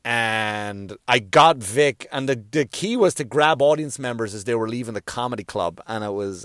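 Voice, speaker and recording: A man with a mid-pitched voice tells a profane, meandering story on his own comedy podcast. He keeps circling back and restarting his sentences. The sound is close-miked and dry, with no room echo. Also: lively intonation, fairly quick, fairly bright tone. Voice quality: profane, rambling, with frequent restarts. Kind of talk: casual storytelling tribute.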